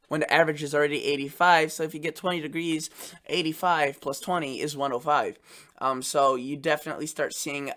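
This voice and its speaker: A man's voice: a little high, a bit bright. Guy going over weather maps off the cuff, lots of ums and restarts. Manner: halting, many fillers and restarts. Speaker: weather channel host. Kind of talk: unscripted forecast walkthrough over weather maps.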